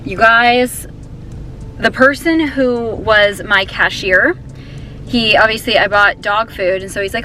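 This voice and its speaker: A woman's voice: fairly high pitch, moderate pace, poor audio. Chatty young woman vlogging, music behind. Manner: chatty, excitable, many fillers and restarts. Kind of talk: casual vlog chat. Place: car, then store and home.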